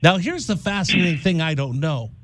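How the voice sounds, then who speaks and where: A man's voice: fairly high pitch, animated, a little fast, a little hiss or hum. Conversational male radio host. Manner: conversational, asks open questions. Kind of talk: interview questions.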